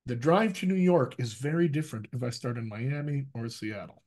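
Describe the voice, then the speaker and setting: Lively American man coaching actors. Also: mid-range voice, a little fast. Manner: lively, teacherly, keeps asking "right?". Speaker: dialect coach. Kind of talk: live online coaching talk.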